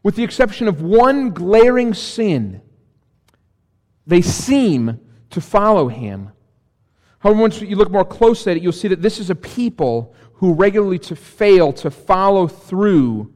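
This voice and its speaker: High-voiced preacher man in a reverberant hall. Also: animated, measured pace, a little mellow. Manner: wry, sarcastic asides amid scripture reading. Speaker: pastor. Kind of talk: sermon. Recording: long reverb of a large hall.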